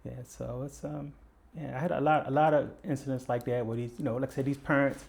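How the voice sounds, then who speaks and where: Older man with a gravelly voice. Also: medium pitch, level tone, brisk, darkish tone. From Baltimore, USA. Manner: vivid storyteller who acts out quoted dialogue. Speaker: retired police detective, guest. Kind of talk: conversational storytelling.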